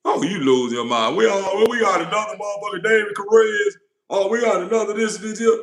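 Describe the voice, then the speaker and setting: A man's voice: high voice, brisk, fairly bright tone. A man delivering a blunt, profane, impassioned monologue about God, acting out God and doubters in turn. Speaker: informal preacher. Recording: roomy echo.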